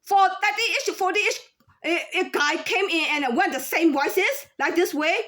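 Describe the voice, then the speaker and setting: A woman in her thirties or forties speaking in a casual unscripted monologue, halting with many fillers and restarts. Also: very high-pitched, fairly bright tone. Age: 30s to 40s. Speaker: former store employee.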